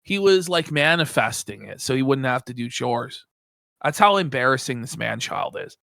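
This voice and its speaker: A male stream co-host with a bright, sharp voice that swings widely in pitch. He mocks what he is watching with sarcasm and sometimes breaks into shouted jeers. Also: expressive, moderate pace, gravelly, no room sound, clean studio sound. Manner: sarcastic, bursts into shouting mockery. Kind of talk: mocking commentary on a clip.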